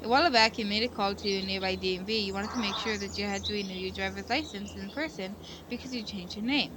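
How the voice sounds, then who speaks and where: Speaking quickly in a medium-pitched voice, this woman streams a visual novel amid background noise. She reads out the narration and keeps interrupting herself with earnest, wandering commentary and frequent corrections, casual let's-play style.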